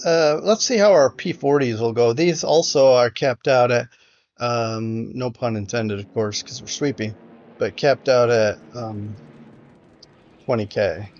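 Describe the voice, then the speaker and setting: A man's voice: medium pitch, unhurried, a little mellow, dull audio. A man casually commentating a strategy game, hesitant and frustrated, with many fillers and restarts. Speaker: gameplay commentator.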